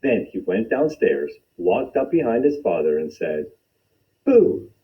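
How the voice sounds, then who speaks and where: Animated man reading a picture book. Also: lowish voice, normal speed. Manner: expressive, animated storytelling. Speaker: storytime reader. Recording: dull lo-fi recording.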